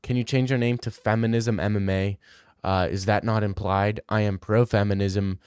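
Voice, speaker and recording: A man's voice: lowish voice, fairly even intonation, normal speed, a little mellow, clean tone, dry recording, clean studio sound. A young man streaming and reading out viewer messages in casual chat, laid-back and blunt, swearing freely.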